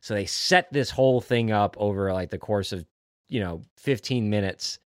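A man's voice: fairly low pitch, normal speed, dry recording, clean studio sound. A man co-hosting a podcast, talking casually and enthusiastically about a movie scene, rambling with fillers and swearing freely. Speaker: podcast co-host. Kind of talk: casual film discussion.

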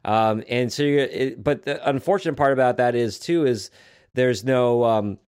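A man's voice: mid-range voice, normal speed, darkish tone, smooth. A man co-hosting a podcast in casual chat, rambling with many fillers and restarts and joking along. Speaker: podcast co-host.

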